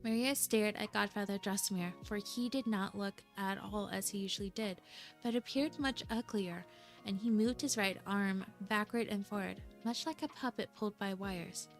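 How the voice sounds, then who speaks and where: A woman reading a classic Christmas story aloud, steady, with small stumbles over names. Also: mid-range voice, moderate pace, soft background music. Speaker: storybook reader.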